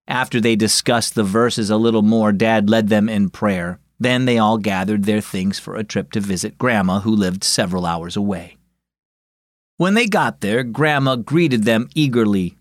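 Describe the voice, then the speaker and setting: A man hosting a children's devotional radio show, reading a story in a friendly, expressive storyteller manner. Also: lowish voice, moderate pace, no echo, studio quality. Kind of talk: scripted storybook narration for children.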